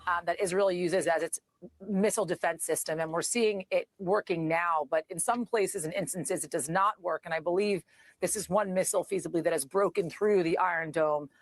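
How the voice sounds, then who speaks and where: A woman anchoring live news, talking in a hurried way with halting restarts. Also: fairly low pitch, no echo.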